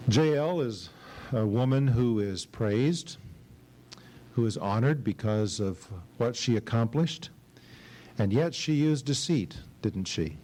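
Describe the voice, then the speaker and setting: A middle-aged man preaching from the pulpit, his voice mellow and dark-toned. He reads scripture with dramatic pauses and emphasis, then turns to put questions to the congregation like a teacher. His pitch sits right in the middle for a man. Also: expressive, slight background noise, poor audio. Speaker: pastor. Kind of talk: expository sermon with Bible reading. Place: church service.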